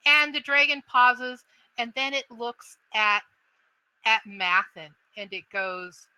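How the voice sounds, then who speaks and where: A woman narrating as game master of a tabletop game. She talks slowly, with a very bright tone, and often halts and restarts mid-sentence. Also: a little high, expressive, clean tone, rough recording. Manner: halting, with many restarts.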